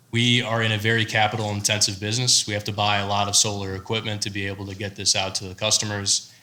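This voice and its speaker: Low, flat-toned American man. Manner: measured, explanatory, steady delivery. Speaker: startup founder on a panel. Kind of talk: panel discussion answer.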